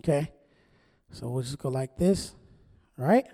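A man preaching a sermon as a pastor, conversational and animated, acting out the quotes he reads. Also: mid-range voice, a little slow, in a large hall.

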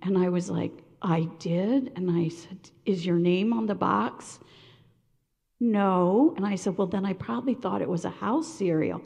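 An older woman telling a personal story in a sermon-style talk, animated and acting out the voices of others. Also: mid-range voice, a little slow, gravelly. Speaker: speaker sharing a personal story. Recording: long echo of a large hall.

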